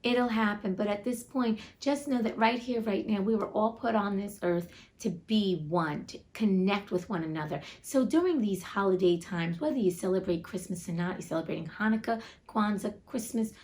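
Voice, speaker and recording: A woman's voice: medium pitch, moderate pace, darkish tone. A woman hosting a read-aloud of a classic book, chatty and blunt, with casual asides between passages. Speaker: host reading classic books aloud.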